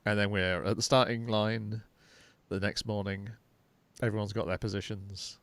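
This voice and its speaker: A man's voice: on the low side, flat delivery, normal speed, fairly bright tone. A man co-hosting a podcast, recapping an episode casually and unhurriedly, with fillers. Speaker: podcast co-host.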